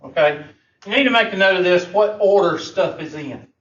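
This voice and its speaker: A man's voice: sits high, expressive, normal speed, fairly bright tone. A man teaching a math class, joking and folksy as he lectures. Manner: joking, folksy, drawled Southern phrasing. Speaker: math instructor. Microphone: far room mic. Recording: echoey, distant, muffled classroom recording.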